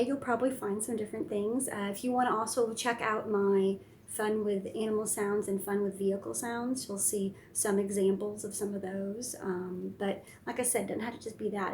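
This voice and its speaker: A woman speech therapist giving casual tips to caregivers, relaxed and chatty with plenty of fillers. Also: medium pitch, a little hiss or hum. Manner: relaxed, chatty, many fillers, demonstrates silly sounds. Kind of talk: casual instructional talk to camera.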